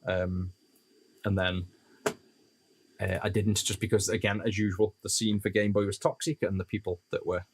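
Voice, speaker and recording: A man's voice: lowish voice, normal speed, long pauses, slight background noise, low-quality recording. A man with a Stoke-on-Trent accent, chatting casually with his stream audience while he solders. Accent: Stoke-on-Trent (Potteries). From Stoke-on-Trent, England. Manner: relaxed and rambling, answering chat as he works. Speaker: streamer repairing retro consoles.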